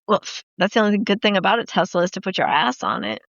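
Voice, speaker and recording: A woman hosting a podcast, telling profane, lively stories in casual chat and acting out the quoted lines. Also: mid-range voice, fast talker, dry recording. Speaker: podcast host. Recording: dull, dry lo-fi podcast audio.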